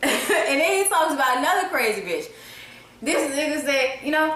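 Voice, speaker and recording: A woman recaps a comedy film in a casual, animated way, swearing freely and laughing between lines. Her voice is high and bright. The echoey room rings around her. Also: moderate pace. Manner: animated, profane, breaks into laughter. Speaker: movie reviewer.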